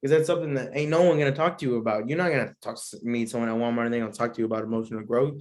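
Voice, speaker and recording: A man's voice: medium pitch, steady tone, rapid-fire. A young man, hosting a solo podcast in a laid-back, rambling way and laughing often. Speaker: podcast host. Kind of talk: casual solo podcast chat.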